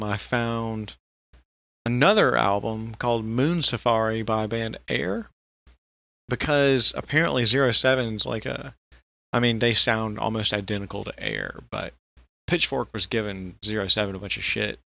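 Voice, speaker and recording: Gravelly, bright-voiced man chatting casually. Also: medium pitch, a little slow, dry recording. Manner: rambling and profane, with frequent laughter. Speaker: podcast co-host. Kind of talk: casual podcast chat.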